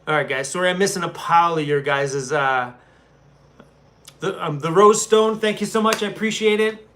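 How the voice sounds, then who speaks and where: Seated on a small chair in a hotel room, a laid-back van-life YouTuber runs a casual live stream, reading viewer comments, calling people bro and man, and laughing often. He has a fairly high, slightly bright voice and speaks at a moderate pace.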